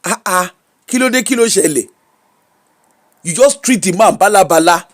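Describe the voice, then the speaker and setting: A woman's voice: mid-range voice, animated, normal speed. A Nigerian woman hosting a gossip show, giving casual commentary in an exclamatory way and switching freely between English, Pidgin and Yoruba.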